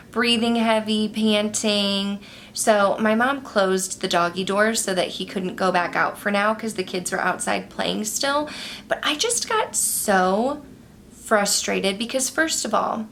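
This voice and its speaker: A woman's voice: fairly high pitch, a bit bright. A young woman, chatting through a makeup tutorial and telling a story with exasperation. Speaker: beauty vlogger. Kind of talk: casual makeup tutorial chat.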